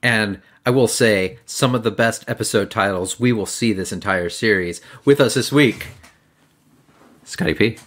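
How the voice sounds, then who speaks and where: Low-voiced, rambling podcast host. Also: male voice, moderate pace, fairly bright tone. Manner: rambling, self-deprecating, many fillers. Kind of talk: casual podcast chat.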